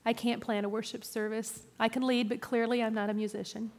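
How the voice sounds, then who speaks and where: Woman pastor, lively self-deprecating sermon delivery, reverberant hall sound. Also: fairly high pitch, a little fast. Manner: personal and animated, with self-deprecating humor.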